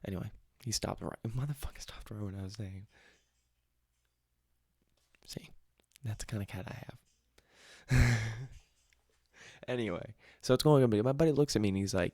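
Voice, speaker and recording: A man's voice: on the low side, normal speed, gravelly, long pauses, darkish tone, no echo. A young man hosting a podcast from home, rambling and swearing freely as he tells a comic party story. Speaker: podcast host. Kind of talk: comedic storytelling. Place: home room.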